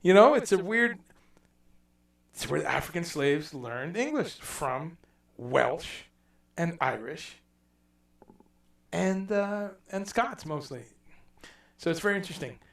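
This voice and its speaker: A man hosting a casual livestream chat, telling stories in a rambling, animated way and dropping in profanity. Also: on the high side, slow, creaky, long pauses, reverberant, recorded from a distance. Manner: rambling, animated storytelling with mock accents and profanity. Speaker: livestream host.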